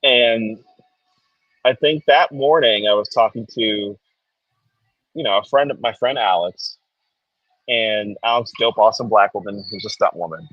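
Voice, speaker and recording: A man's voice: fairly low pitch, measured pace, pauses often, dry recording, highs cut off. A young man with a New Jersey accent telling a story in casual chat, acting out what people said. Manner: animated, acts out quoted people. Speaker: guest comic creator.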